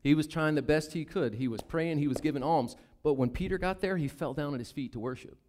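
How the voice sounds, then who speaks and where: A man's voice: on the high side, a little fast, a little hiss or hum. A man with a Southern US accent preaching a sermon, acting out the Bible characters' lines. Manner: animated, acts out Bible characters in voices. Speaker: pastor.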